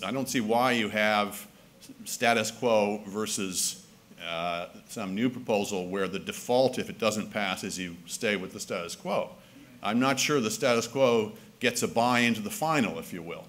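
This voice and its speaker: A man's voice: fairly low pitch, fairly bright tone. A man from Canada giving a keynote speech at a conference, talking in a wry, conversational way with frequent restarts. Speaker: keynote speaker. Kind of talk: public speech. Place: conference hall.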